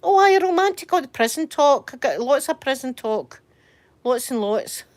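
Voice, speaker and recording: A woman's voice: high voice, animated, normal speed. A Scottish woman chatting casually from bed during a livestream, telling rambling stories and answering viewer comments. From Scotland. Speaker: livestream host. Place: in bed at home.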